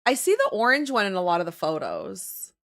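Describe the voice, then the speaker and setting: A woman's voice: mid-range voice, wildly swooping pitch, fairly quick, a bit bright. A young woman hosting a livestream, chatting casually while she draws and laughing often as she reads and answers her chat. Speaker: livestream host.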